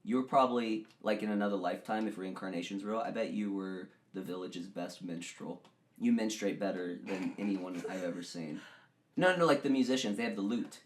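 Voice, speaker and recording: A man's voice: on the low side, fairly quick. Joking man telling tall tales. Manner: joking, animated storytelling with sudden loud bursts. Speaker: podcast host. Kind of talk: casual chat.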